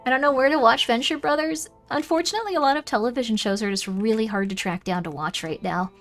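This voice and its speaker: A woman's voice: a little high, fast, faint music behind. A young woman streaming a game, chatting casually with her viewers and muttering to herself as she plays. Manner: chatty, reacting aloud to chat and muttering to herself. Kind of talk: casual livestream chat while gaming.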